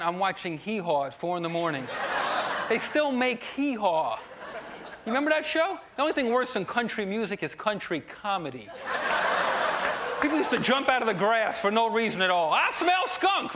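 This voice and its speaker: A young man from New Jersey doing a stand-up set on a late-night TV show, with punchy, energetic joke delivery and loud asides. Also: sits high, very noisy. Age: young adult. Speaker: stand-up comedian. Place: TV studio stage before a live audience. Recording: live TV studio with loud audience laughter.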